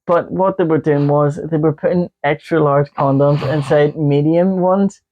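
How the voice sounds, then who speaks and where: A man's voice: on the high side, fairly even intonation, moderate pace. A man co-hosting a casual podcast, rambling and joking with lots of fillers. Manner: rambling, jokey, many fillers. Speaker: podcast co-host. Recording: dull lo-fi podcast audio.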